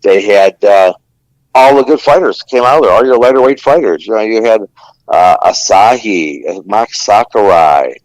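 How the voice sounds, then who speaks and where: This ex-ring announcer's voice sits on the low side, with lively intonation, a darkish tone and a moderate pace. He rambles through fight stories for a podcast, casually, with plenty of fillers and profanity. The audio is dry and low quality.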